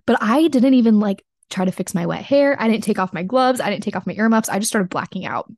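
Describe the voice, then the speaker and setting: A young woman talks in a casual, bubbly monologue, sprinkling fillers and little laughs through her storytelling. Her voice sits at an ordinary middle pitch for a woman. The recording is dry and close, with no room sound. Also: lively intonation, quick pace, a little mellow, dry recording. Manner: bubbly, chatty, laughs often, many fillers. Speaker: podcast host.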